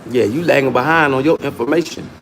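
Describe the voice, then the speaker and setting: A man's voice: medium pitch, fast, fairly bright tone, slight background noise. A man with hosting a livestream, taunting and arguing with users in his chat in a casual, combative way. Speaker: livestream host.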